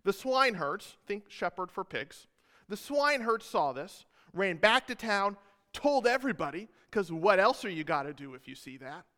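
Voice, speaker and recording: A man's voice: high voice, big pitch swings, normal speed, bright, forceful tone, in a large hall. A man preaching a sermon as a pastor, retelling scripture in a casual way with joking asides to the congregation.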